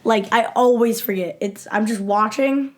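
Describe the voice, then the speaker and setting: A woman's voice: fairly high pitch, moderate pace, a little mellow. A woman co-hosting a podcast in casual chat, joking about herself and laughing along. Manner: self-deprecating, laughing along. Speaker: podcast co-host.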